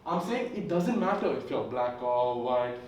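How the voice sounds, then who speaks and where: Young stand-up comic in an echoey room. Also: male voice, medium pitch, very animated, normal speed, a little mellow, a little hiss or hum. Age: young adult. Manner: rambling, filler-heavy delivery. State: sick. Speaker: comedian. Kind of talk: stand-up comedy. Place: comedy club stage, indoors. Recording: echoey room heard from far off.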